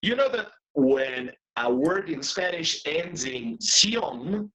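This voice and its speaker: A man leads an English lesson over a video call. His voice rises and falls a lot, which keeps it lively. He patiently repeats each question until a student answers. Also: fairly high pitch, slow, low-quality recording. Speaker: English teacher. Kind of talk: online class teaching.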